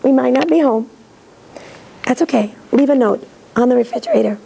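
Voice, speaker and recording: Woman lecturer, gravelly, mellow, lively and direct, middle-aged. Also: high-pitched, fairly quick, rough recording. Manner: lively, direct, often acts out parents' voices. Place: synagogue.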